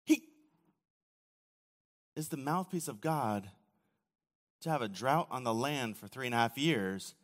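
A man preaching a sermon, telling the story casually with acted quotes, often dropping to a quiet, low voice. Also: lively intonation, a little slow, long pauses. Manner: casual storytelling with acted quotes and sudden drops to near-whisper. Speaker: pastor. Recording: long hall reverb.

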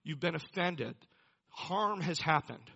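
A man preaching a sermon with a gravelly, husky voice that sits a little high and sounds bright and tense. He tells a personal story earnestly and builds to emphatic preaching. The recording is muffled and lo-fi. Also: expressive, takes it slowly. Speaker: pastor.

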